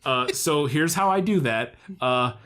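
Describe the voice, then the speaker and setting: A man's voice: medium pitch, animated, measured pace, fairly bright tone. A man co-hosting a movie podcast, recapping the plot casually, laughing and acting out lines in silly voices. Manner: loose, laughing, acts out film dialogue in silly voices. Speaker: podcast co-host. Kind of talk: casual movie-review chat.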